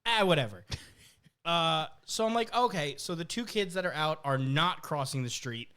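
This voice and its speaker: A man's voice: on the high side, animated, moderate pace, sharp tone, clean tone. A man from New Jersey, co-hosting a podcast and telling a story in casual, profanity-laced chat. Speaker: podcast co-host.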